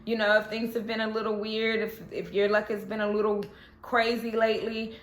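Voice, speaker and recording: A woman giving a casual, animated tarot reading, often checking in with "okay?" and repeating reassurances. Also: medium pitch, a little fast. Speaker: tarot reader. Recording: echoey room with faint noise.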